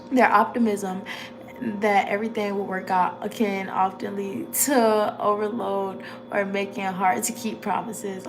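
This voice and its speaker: A young woman with a Southern US accent, chatting casually as she reads a text aloud, giggling often and tripping over her words. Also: mid-range voice. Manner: giggly, stumbles over words while reading. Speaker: vlogger. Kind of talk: casual chat, reading aloud.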